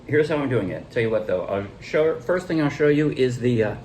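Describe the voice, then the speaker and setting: A man's voice: medium pitch, a little hiss or hum. A man teaching a ukulele song, talking loosely with restarts as he counts beats and shows chord changes. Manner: relaxed, halting explanations with counting and calling out strums. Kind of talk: casual music tutorial.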